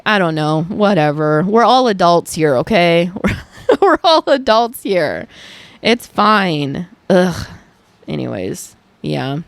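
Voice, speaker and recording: A young woman hosting her own podcast, talking frankly in a casual solo chat, animated, swearing and full of fillers. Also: medium pitch, smooth, no room sound. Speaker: podcast host.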